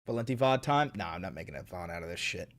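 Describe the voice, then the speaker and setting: A male streamer rants through live commentary, swearing constantly and mocking what he reacts to. His pitch swings widely from low grumbles to sharp jabs, and his delivery stays sarcastic and blunt. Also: expressive, quick pace. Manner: profane, sarcastic ranting.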